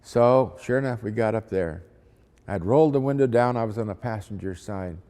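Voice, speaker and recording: A man's voice: on the low side, normal speed, warm tone. A man, a missionary, telling a testimony story in a folksy, dramatic way. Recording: long hall reverb.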